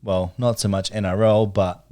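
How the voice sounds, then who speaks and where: A man's voice: lowish voice, fairly even intonation, moderate pace, mellow. A young man hosting a casual podcast chat among mates, steering through the segments and swearing freely. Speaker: podcast host.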